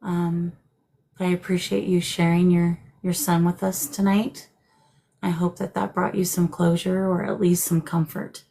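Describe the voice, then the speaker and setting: A woman hosting a live stream as a psychic medium, speaking gently and soothingly and calling her guests darling. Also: fairly low pitch, level tone, a little slow, gravelly, slight background noise, poor audio. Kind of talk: live-stream spirit reading.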